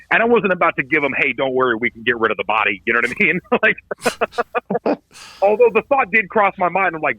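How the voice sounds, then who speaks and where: Animated swearing storyteller man, dry lo-fi sound. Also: a little high, fairly quick, husky, dry recording. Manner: animated storyteller, swears a lot, acts out quoted voices. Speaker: podcast co-host. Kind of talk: casual chat. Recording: dull lo-fi podcast audio, dry.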